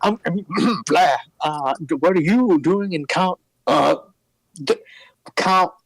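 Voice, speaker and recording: A man voicing a panicky young nerd playing at being a vampire, in a shrill, stammering voice. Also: lively intonation, takes it slowly, vocal fry, dry recording, heavily acted, low-quality recording. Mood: panicked. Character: panicky nerdy young male costume vampire fan.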